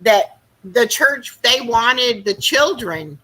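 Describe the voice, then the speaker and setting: A woman's voice: on the high side, expressive, takes it slowly, pushed and bright, rough recording. A woman in a casual chat, talking in a reflective, hesitant way.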